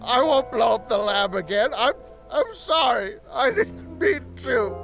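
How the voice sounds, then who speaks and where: Give me a crazed, sobbing game scientist with a gravelly, slow voice. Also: male voice, high-pitched, a bit bright, faint music behind, exaggerated voice. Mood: raving. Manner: cackling, sobbing, slow and broken. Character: deranged male scientist, laughing and crying.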